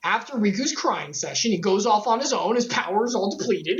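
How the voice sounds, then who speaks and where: A woman recapping game lore on a casual stream, animated and joking, with sarcastic asides. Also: mid-range voice, moderate pace, hardly any pauses, lo-fi sound.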